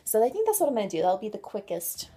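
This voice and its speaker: A woman's voice: medium pitch, very animated, quick pace. A young woman chatting casually in her home vlog, giggly and full of "like" and "um". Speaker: beauty vlogger.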